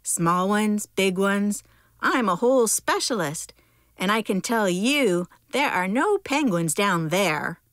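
A woman's voice: mid-range voice, lively intonation, slow, a bit bright, dry recording, clean studio sound. A woman voicing a grumbling, grouchy male mole in a storybook read-aloud. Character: grumpy sleepy male mole.

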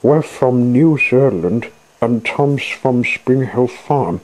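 A man's voice: medium pitch, animated, slow pace, a little mellow, pitched above the performer's own voice, poor audio. A man voicing a polite male tractor in a children's story, speaking earnestly.

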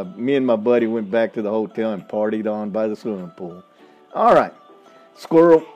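A man's voice: medium pitch, warm tone. A man hosting a podcast, telling stories in a blunt, folksy, casual monologue and laughing often. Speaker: podcast host.

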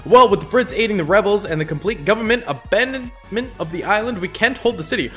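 A man reading aloud the lines of a weary male garrison commander in a video game, in a flat, plain voice. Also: high-pitched, fast talker, faint music behind. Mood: grim.

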